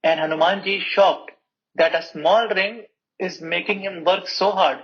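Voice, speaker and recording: A man teaching a scripture class, telling a story with lively voiced quotes. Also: high-pitched, a little slow. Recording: muffled lo-fi recording.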